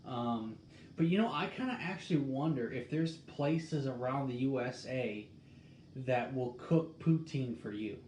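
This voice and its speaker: A man in casual talk, reading a recipe aloud and musing in a halting way as he thinks out loud. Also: medium pitch. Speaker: host. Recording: echoey room with faint background noise.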